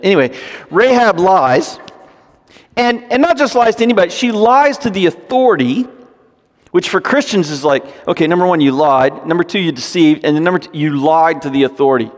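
A man preaching a sermon, reading scripture and breaking into animated, joking asides. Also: fairly high pitch, brisk. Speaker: pastor. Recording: long hall reverb.

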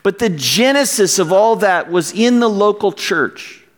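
A man preaching as pastor, passionate and at times near yelling, quoting scripture and urging his congregation. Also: high voice, expressive, measured pace, in a large hall. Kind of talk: sermon.

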